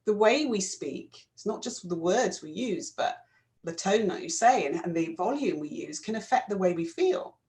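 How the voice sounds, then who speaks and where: A woman with a mid-pitched voice co-hosts a casual therapy chat. She explains ideas in a gentle, reflective way, pausing and rephrasing as she goes. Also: expressive. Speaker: co-host, therapist.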